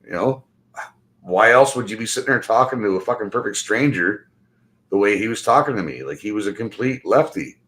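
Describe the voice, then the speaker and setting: Angry swearing man, low voice. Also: lively intonation, fairly quick, a bit bright. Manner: angry, blunt, swears constantly, ends phrases with "man". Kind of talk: profane ranting monologue.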